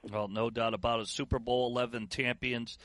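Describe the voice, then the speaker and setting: A man's voice: medium pitch, flat delivery, fairly quick, fairly bright tone, no room sound. A male radio co-host asking a guest for stories with a hesitant, friendly manner. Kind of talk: radio interview questions.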